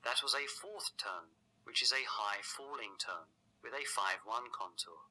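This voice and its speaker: A man narrating a scripted language lesson in a measured, explanatory way. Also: mid-range voice, lively intonation, bright, forceful tone, rough recording. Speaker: language teacher.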